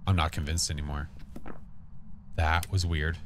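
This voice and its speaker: A man live-streaming a horror game, chatting with viewers and calling out to the ghost in a jokey, animated way, recorded at a home streaming setup on a desk microphone. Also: rumbling low, measured pace, noisy background. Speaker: gaming streamer.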